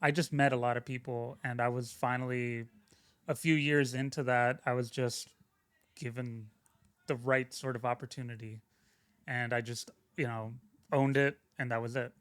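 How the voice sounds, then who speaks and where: A young man rambles casually through career stories, stopping and restarting with plenty of fillers. His voice sits at a middle pitch. The recording is dry and close. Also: fairly even intonation, moderate pace, clear, resonant tone, dry recording. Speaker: guest, film sound mixer. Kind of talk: casual interview storytelling.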